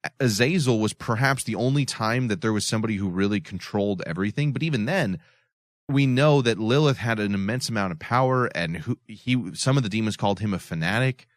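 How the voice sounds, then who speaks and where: A man co-hosting a casual podcast, thinking out loud at length about a TV episode with many restarts. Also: lowish voice, a little fast, dry recording, clean studio sound. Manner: thoughtful, explains at length with restarts. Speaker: podcast co-host.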